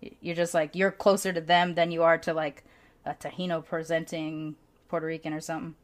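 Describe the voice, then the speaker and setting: A woman hosting a casual podcast interview, candid and animated, swearing freely and laughing often as she tells stories. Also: deep voice, fairly quick. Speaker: podcast host.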